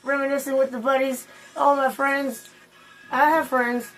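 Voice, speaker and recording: A woman hosting a casual story time, rambling along with crude language and loose asides among her friends. Her voice sits a touch high. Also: little pitch movement, normal speed, a bit bright, faint music behind, poor audio. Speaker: host.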